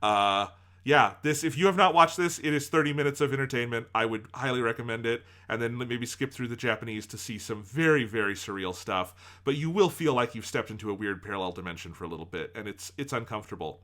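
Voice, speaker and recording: A man's voice: mid-range voice, fast talker, sharp tone. A man co-hosting a podcast, chatting casually in a rambling, amused way with lots of fillers. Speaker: podcast co-host. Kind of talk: casual chat.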